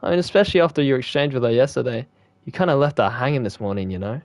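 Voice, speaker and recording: A man's voice: mid-range voice, lively intonation, very fast, no room sound, close to an everyday voice. A man voicing a cheerful teenage girl who is the club president, reading her lines in a friendly, lightly lifted voice.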